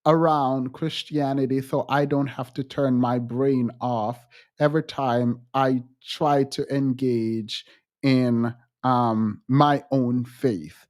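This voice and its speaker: A man hosting a livestream, talking frankly to his chat in halting restarts and growing emphatic when he quotes others. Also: mid-range voice, darkish tone. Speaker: livestream host. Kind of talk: livestream chat answering viewers.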